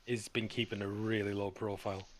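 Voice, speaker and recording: A man's voice: lowish voice, level tone, a little hiss or hum. A man narrating as game master, describing scenes with frequent ums and restarts. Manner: halting, filler-heavy narration.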